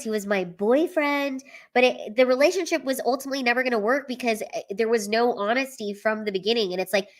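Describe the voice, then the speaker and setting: A woman comedian talks straight to her viewers from home, her voice sitting a little higher than most. She tells personal stories in a loose, candid way, packed with "like" and the odd swear word. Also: fairly bright tone. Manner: chatty, heavy use of "like", casual swearing. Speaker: stand-up comedian. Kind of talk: candid storytelling livestream.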